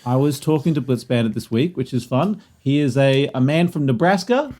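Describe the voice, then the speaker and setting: A man's voice: medium pitch, animated, normal speed, a little mellow. A man co-hosting a podcast in casual chat, laughing often and reading out thanks and the sign-off. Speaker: podcast co-host.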